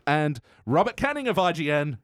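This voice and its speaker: A man's voice: fairly high pitch, sing-song, moderate pace, fairly bright tone, dry recording, clean studio sound. A man hosting a casual podcast chat, reading out review quotes and laughing often. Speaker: podcast host.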